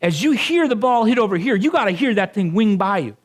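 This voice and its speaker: A man voicing an older grandfather who gives brisk, teasing instructions. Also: sits high, sing-song, pitched above the performer's own voice. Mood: coaching.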